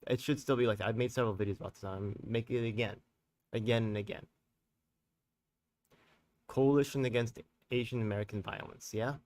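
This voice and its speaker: A man hosting a live stream as a community activist. He talks in a heated, profane, rambling way, full of street slang, and keeps turning to his viewers with quick tag questions. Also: on the low side, fairly even intonation, darkish tone, distant mic.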